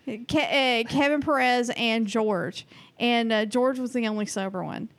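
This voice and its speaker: A woman's voice: fairly high pitch, a little slow. Joking Southern woman hosting a podcast. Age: adult, married. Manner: joking, laughs easily, frank. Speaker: podcast host and stand-up comic. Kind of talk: casual chat.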